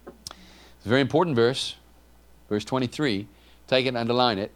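A man preaching a sermon in a conversational, animated way, with asides to the congregation and frequent restarts. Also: medium pitch, moderate pace.

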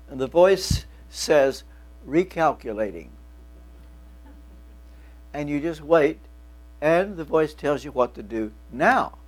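Man in his seventies preaching with a cough. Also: fairly high pitch. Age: 70s. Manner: folksy, joking asides to the congregation. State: lingering cough. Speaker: pastor. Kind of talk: sermon.

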